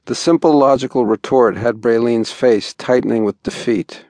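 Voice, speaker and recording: A man narrating an audiobook in an even, understated way, recorded in a studio. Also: mid-range voice, moderate pace, few pauses, no echo. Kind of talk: scripted narration.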